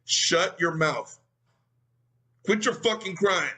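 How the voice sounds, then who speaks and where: A man's voice: high-pitched, slow pace, sharp tone, exaggerated voice. A man voicing his stern, fed-up mother as she scolds him bluntly.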